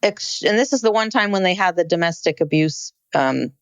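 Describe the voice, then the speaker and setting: A podcast co-host, a woman with a smooth voice on the low side at a moderate pace, chats casually over a true crime documentary. She's animated and reflective, often restarting her sentences, and the recording is dry.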